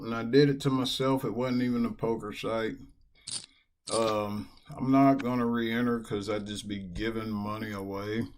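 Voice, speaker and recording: A man playing online poker on stream keeps up casual, profane commentary, letting off steam from his indoor computer setup. He speaks a little slowly in a fairly low, steady voice, and a slight hiss or hum runs under the recording.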